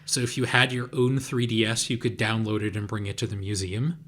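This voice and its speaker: A man's voice: on the low side, little pitch movement, fairly quick, fairly bright tone, husky. Man rambling on a podcast. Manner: hesitant, repeats words, fills with "like". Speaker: podcast co-host. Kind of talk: casual chat.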